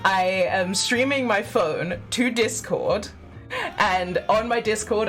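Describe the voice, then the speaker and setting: A young woman streaming a game, chatting casually with viewers, giggling often and poking fun at her own setup. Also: medium pitch. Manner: giggly, chatty, self-deprecating. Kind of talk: casual live-stream chat.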